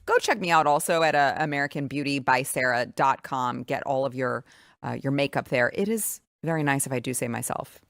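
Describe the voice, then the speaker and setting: A woman's voice: very deep voice, fairly quick, a bit bright, no room sound, clean studio sound. A woman in her thirties hosting a political talk show, chatty and joking with many fillers. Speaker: show host.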